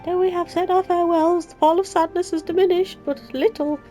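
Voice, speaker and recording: A Yorkshire woman putting on a higher voice to read a grieving young woman leader's lines in a mock-solemn way. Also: fairly even intonation, a little fast, mellow, soft background music. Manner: mock-solemn, archaic-sounding reading.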